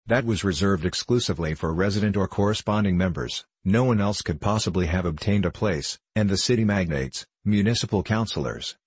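A man narrating a classic novel in a steady, measured reading. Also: low voice, husky, dry recording. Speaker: audiobook narrator. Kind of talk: scripted narration.

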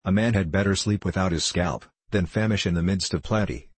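A man's voice: sits low, a little fast, breathy edge, dry recording. A man reading the part of a blunt, stubborn veteran frontier scout who talks in plain old-fashioned backwoods speech. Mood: instructive.

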